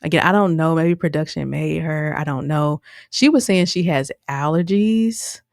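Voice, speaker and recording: A woman's voice: sits low, moderate pace, creaky, no echo, studio quality. A woman giving a casual, chatty recap of a reality episode, laughing often and acting out what others said. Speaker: show reviewer.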